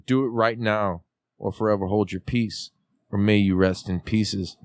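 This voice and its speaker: A man hosting a wrestling podcast, joking around with loud, profane hype. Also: on the low side, fairly even intonation, a little slow, dry recording. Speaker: podcast host. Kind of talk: rowdy casual chat.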